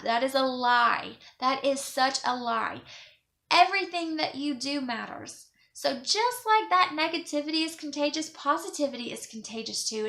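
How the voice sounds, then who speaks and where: A woman's voice: high voice, gravelly, pushed and bright. A young woman vlogging in a casual, rambling way, earnest and close to tears as she talks about kindness. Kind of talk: casual monologue to camera.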